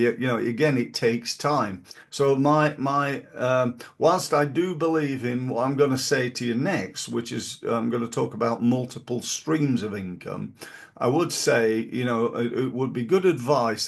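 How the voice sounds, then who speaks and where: Middle-aged man, podcast host, gravelly, rambling delivery with fillers, mid pitch. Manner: rambling, many fillers and restarts. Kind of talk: casual advice talk.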